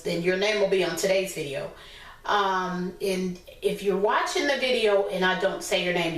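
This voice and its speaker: A woman teaching a class of small children, with a slow, sing-song teacherly way of talking. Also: mid-range voice. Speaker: preschool teacher. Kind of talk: online class lesson for young children. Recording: echoey room, voice from a distance.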